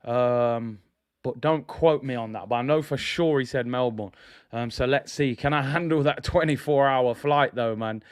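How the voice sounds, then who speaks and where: A man's voice: medium pitch, normal speed, clear, resonant tone, dry recording, studio quality. A man hosting a football fan live stream, chatting casually and upbeat as he reads out viewer messages.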